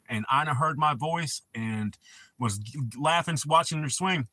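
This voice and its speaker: A man's voice: on the high side, normal speed, sharp tone, no room sound. A middle-aged man hosting a casual live stream, laid-back, swearing freely and laughing often. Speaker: livestream host.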